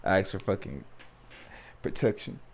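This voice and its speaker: A man with a very low voice talks his way through a game as the channel host. His pitch jumps around a lot. He swears freely and moves between loud outbursts and quiet muttering. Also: normal speed. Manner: animated, profane, swings between loud outbursts and mumbling. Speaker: let's play host. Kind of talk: casual gameplay commentary.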